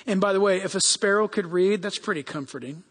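A man preaching a sermon as pastor, animated and acting out the people he quotes. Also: high-pitched, a little fast, a little hiss or hum. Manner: animated, acts out quoted people in raised voices. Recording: long hall reverb.

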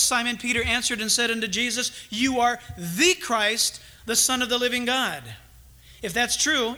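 A man delivering a sermon in a very high, piercingly bright voice. He talks animatedly, acting out short imagined conversations between believers as he makes his points. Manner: animated, acts out little quoted exchanges. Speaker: pastor.

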